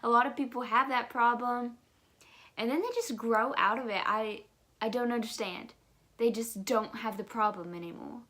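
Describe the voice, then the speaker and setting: A woman's voice: a little high, moderate pace, bright, forceful tone. A woman in her twenties from the United States with an articulation disorder that gives her speech sounds unusual, chatting candidly to camera. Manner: chatty, candid, many fillers. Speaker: vlogger. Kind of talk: casual chat to camera.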